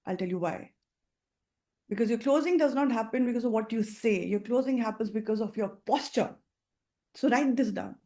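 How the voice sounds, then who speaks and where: Indian lady teaching sales closing, emphatic, acts out calls, kinda high voice. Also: moderate pace, dark tone. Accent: Indian English. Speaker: sales trainer. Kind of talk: training talk to a seminar audience.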